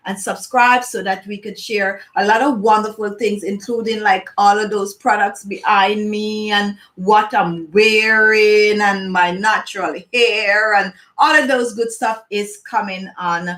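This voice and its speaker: A woman's voice: medium pitch, steady tone, measured pace, few pauses, a bit bright, reverberant. A woman from Jamaica with a Jamaican accent, hosting a beauty channel and chatting live with viewers in a playful, emphatic way. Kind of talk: live chat answering viewers.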